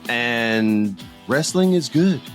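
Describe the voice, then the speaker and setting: A man's voice: medium pitch, lively intonation, very slow, faint music behind. A man from the United States hosting a podcast, talking in a laid-back, slangy way and telling stories with energy. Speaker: podcast host. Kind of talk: casual chat.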